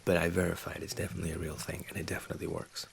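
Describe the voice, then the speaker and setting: Gravelly deep-voiced man in soft-spoken ASMR. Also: level tone, very fast, crowd noise. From England, raised in Scotland. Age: 30s. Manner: soft and low-key, slipping into whispers. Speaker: ASMR channel host. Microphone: USB condenser mic.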